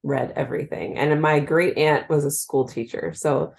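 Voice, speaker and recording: A woman co-hosting a casual podcast, chatty and quick to laugh. Her voice is on the lower side. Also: fairly even intonation, gravelly, darkish tone. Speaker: podcast co-host.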